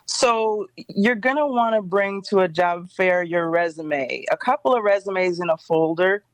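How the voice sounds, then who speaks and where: A woman appearing as a guest on a morning radio show, explaining the details of an event in a steady, informative way. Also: lowish voice, measured pace, no room sound. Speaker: radio show guest, job fair organizer. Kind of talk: casual radio interview.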